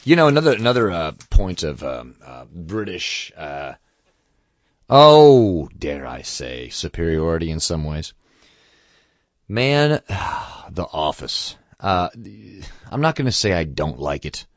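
A man's voice: low voice, sing-song, measured pace, dry recording. A man hosting a show, chatting in a rambling, casual way with many fillers and chuckles. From United States. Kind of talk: casual monologue. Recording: dull lo-fi dry recording.

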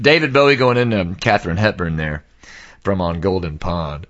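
Low-voiced dude telling a story, super animated, muffled lo-fi sound. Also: male voice, moderate pace. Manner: animated, sings sound effects, quotes people in voices. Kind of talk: casual anecdote.

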